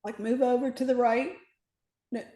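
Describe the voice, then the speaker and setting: A woman with a high but mellow voice calls out quick, hesitant directions over a video call. Her voice carries the echo of a bare room, heard through a computer mic. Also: fairly even intonation. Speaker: meeting participant giving help.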